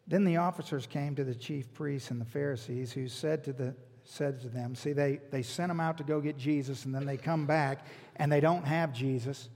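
A man's voice: mid-range voice, fairly even intonation, moderate pace, darkish tone. A man preaching a sermon in a church, emphatic and building his points through repeated lists. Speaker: pastor. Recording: long reverb of a large hall.

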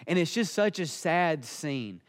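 A man's voice: fairly high pitch, lively intonation, measured pace, long reverb tail. A man preaching a sermon, earnest and emphatic. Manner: earnest, emphatic, building in intensity.

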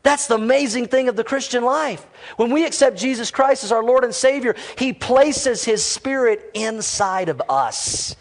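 A middle-aged man preaching a sermon to his church, lively and conversational with quick casual asides. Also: very high voice, in a large hall. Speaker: pastor.

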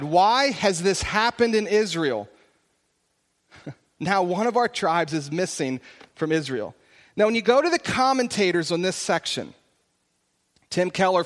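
A man preaching a sermon as pastor, earnest and searching, building to emphatic peaks. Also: high-pitched. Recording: long reverb of a large hall.

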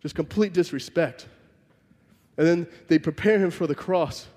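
High-voiced man preaching in a reverberant hall. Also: moderate pace, darkish tone. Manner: vivid, emphatic storytelling that acts out scenes. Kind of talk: sermon. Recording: long reverb from a large hall.

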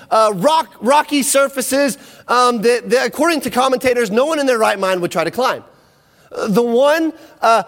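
Preaching in a big-room acoustic, a man with an extremely high-pitched voice retells a Bible story with energy. He acts out the quotes and checks in with his listeners, asking the audience questions as he goes.

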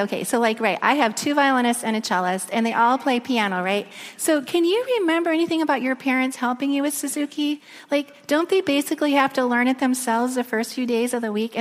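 A middle-aged woman preaching a sermon, telling a personal story in a chatty, lively way full of fillers. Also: high voice, fast talker. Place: church hall. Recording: long reverb in a large hall.

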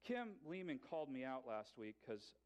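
A male pastor preaching a sermon in a conversational way, with light humor and pauses. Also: mid-range voice, big pitch swings, a little mellow.

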